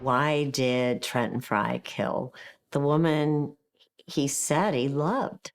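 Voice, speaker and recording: Low-voiced woman narrating true crime. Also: slow, faint music behind. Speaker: TV correspondent.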